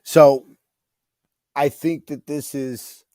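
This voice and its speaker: A young man hosting a casual sports podcast from home, excited and rambling, full of fillers and restarts, holding his voice down. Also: on the high side, extremely slow, no echo, studio quality. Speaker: podcast host. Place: home room, keeping voice down for sleeping roommates.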